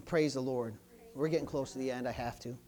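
A man pastor preaching a sermon, building to loud, fervent surges and then dropping low and quiet. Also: normal speed.

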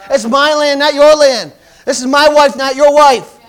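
A man's voice: very high voice, fairly even intonation, moderate pace, a bit bright. A male pastor preaching a fervent sermon, calling out hallelujahs and repeating lines for emphasis.

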